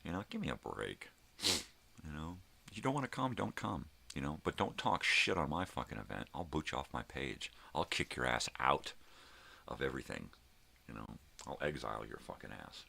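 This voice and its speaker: Very deep gravelly profane ranting man. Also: animated, moderate pace, bright, forceful tone. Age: middle-aged. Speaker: vlogger host. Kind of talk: casual morning rant.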